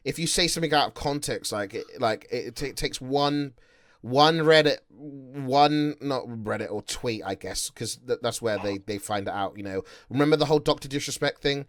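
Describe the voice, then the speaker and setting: A man hosting a streamer talk show over a call, rambling and animated with lots of fillers. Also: mid-range voice, moderate pace. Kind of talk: casual group chat on a call.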